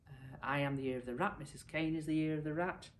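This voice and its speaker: A woman teacher from the United Kingdom reading a picture book aloud to pupils with lively expression. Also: low voice, fast, a little hiss or hum. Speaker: primary school teacher.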